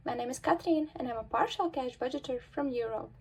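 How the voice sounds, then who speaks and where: A woman's voice: high voice, brisk, gravelly, a little mellow, slight background noise, poor audio. A woman from the Baltic states chatting to camera about her budget, talking in a chatty way with many fillers and counting aloud. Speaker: budgeting vlogger. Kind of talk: casual talk to camera.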